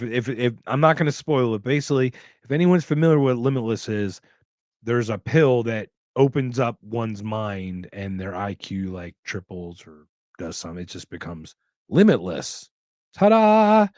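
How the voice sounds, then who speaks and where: A man hosts a casual livestream podcast and answers chat questions in a loose, joking ramble full of restarts. He talks at a middle pitch into a close microphone. The sound is dry and close. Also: dry recording, dull audio. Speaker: podcast host.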